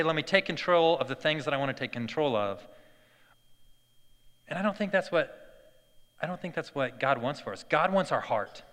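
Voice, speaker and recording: A man in his thirties gives a devotional talk through a family anecdote. His voice sits a little high and has a bright, forward edge, and he talks in a relaxed way full of fillers and restarts. The sound rings with a long hall reverb. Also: moderate pace. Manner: conversational storytelling with many fillers and restarts. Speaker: speaker giving a devotional talk. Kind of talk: sermon-style personal story.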